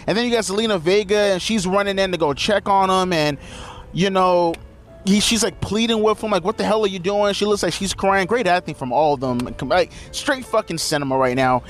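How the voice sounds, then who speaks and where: A man giving a casual, profane, rambling recap of a wrestling show. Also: high voice.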